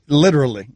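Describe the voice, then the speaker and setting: A man's voice: mid-range voice, dark tone, dry recording. A man hosting a sports radio show, bantering and arguing with a laugh in his voice. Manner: quick, laughing, argumentative. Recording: dry studio mic.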